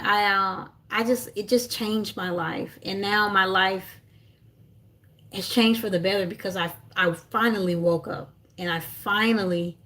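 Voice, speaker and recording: A woman's voice: mid-range voice, a bit bright. A young woman coaching on self-love in a casual livestream, earnest and encouraging, with lots of fillers and restarts.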